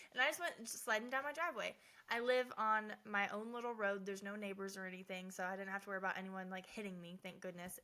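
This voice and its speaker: A middle-aged woman hosting a casual faith-based talk, chatty and animated, often tagging her lines with "right?". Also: a little high. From Southern Oregon. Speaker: host of a faith talk show.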